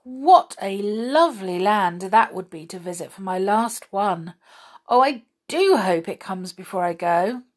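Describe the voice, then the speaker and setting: A woman's voice: medium pitch, lively intonation, a little slow. A woman voicing a curious, cheeky young girl in a children's story. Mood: delighted.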